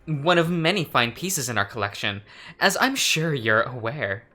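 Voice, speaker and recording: A man's voice: mid-range voice, sing-song, moderate pace, pushed and bright, faint music behind. A man reading aloud a friendly woman who works as an art gallery curator, with polite, inviting lines.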